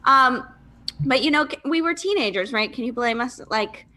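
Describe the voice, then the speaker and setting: A Michigan woman in her thirties, guesting on a podcast, chats through her life story in a casual interview, laughing a lot and saying "like" often. Her voice is high and sharp, with lively intonation and a moderate pace.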